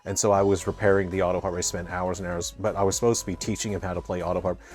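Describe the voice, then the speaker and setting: A man with a deep, low voice chats through his gameplay as a game developer. He wanders off into long explanations and keeps restarting and correcting his words. Soft game music plays quietly underneath. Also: level tone, very fast. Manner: rambling, digressive, explains terms at length; frequent restarts and self-corrections. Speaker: game developer playing and commenting. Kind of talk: casual gameplay commentary.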